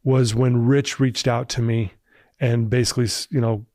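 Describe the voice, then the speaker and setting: A man's voice: medium pitch, flat delivery, moderate pace, dark tone, dry recording, studio quality. Earnest man telling his recovery story. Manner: earnest, emotional personal storytelling. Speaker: podcast guest, recovery speaker. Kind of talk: storytelling in a podcast interview.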